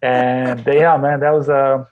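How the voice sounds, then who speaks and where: A man in his forties from Albania, speaking English with an Albanian accent, telling his life story as a guest in a casual interview, lively and quick to laugh. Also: mid-range voice, phone-quality sound. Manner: animated storyteller, acts out quoted voices, laughs often.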